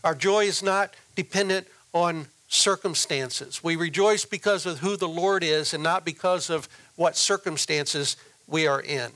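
Slow, deliberate preaching man. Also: on the high side, fairly bright tone. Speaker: pastor. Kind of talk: sermon.

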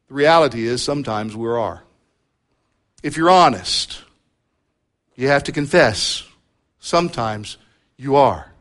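Pastor guy preaching at church, kinda high-pitched, earnest, slows way down on the big words. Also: fairly bright tone. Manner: earnest, drawing out key words with slow emphasis. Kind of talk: sermon. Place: church service with congregation present.

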